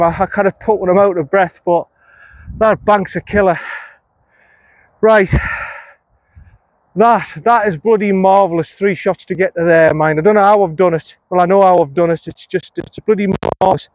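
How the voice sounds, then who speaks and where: A man with a high voice talks his way round a golf course, chatty and self-addressed, with the odd mild curse. The sound is dry and close, recorded outdoors on a phone. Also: normal speed, pauses often, no room sound. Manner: chatty, talks to himself, frequent mild swearing. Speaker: golf vlogger. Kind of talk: casual on-course commentary. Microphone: phone camera.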